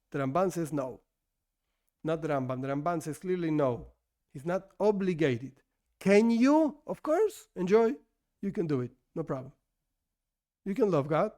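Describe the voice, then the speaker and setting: A rabbi teaching an informal religious class, talking conversationally with rhetorical questions and frequent restarts, as a non-native English speaker. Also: male voice, a little high, darkish tone. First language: not English.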